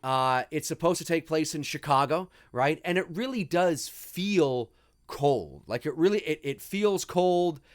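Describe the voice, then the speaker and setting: A man talks over a film during his live stream, his voice sitting a little high for a man. He rambles in an easygoing way and swears freely as he reacts to what is on screen. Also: lively intonation, a little slow. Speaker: host of a live movie commentary stream. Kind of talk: casual live-stream movie commentary.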